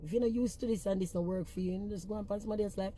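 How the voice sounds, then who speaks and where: A woman's voice: mid-range voice, very fast, warm tone, slight background noise. Blunt Jamaican woman scolding her livestream viewers. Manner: blunt, profane, scolding commenters. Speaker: social media personality. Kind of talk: ranting on a phone livestream.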